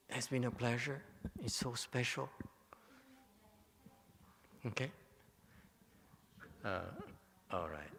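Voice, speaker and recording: A male monk delivers a Dharma talk at an unhurried pace, his voice bright and forward. He gets emotional and excited, jokes often and restarts his sentences. The sound carries a long reverb from a temple hall. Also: medium pitch, vocal fry, slight background noise. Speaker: Buddhist monk teaching. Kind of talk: Dharma lecture.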